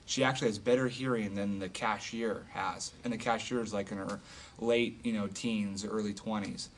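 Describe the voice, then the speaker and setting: Man telling an animated testimony. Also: lowish voice, moderate pace, a little hiss or hum. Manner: animated, filler-heavy retelling with acted quotes. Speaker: street evangelist telling a testimony. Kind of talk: casual storytelling.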